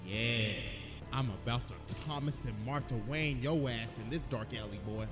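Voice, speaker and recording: A man voicing a ruthless older male military leader with a low, taunting, profane drawl that calls his victims boy. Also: normal speed, close to an everyday voice. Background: background music.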